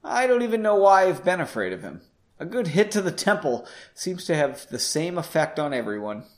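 A man's voice: a little high, big pitch swings, normal speed. A man doing a shaken young woman. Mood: shaky wry. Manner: shaky but wry.

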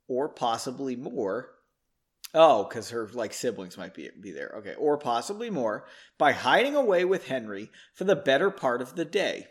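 A man hosting a podcast, casually reading a story aloud and breaking off for joking, self-deprecating asides. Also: fairly high pitch.

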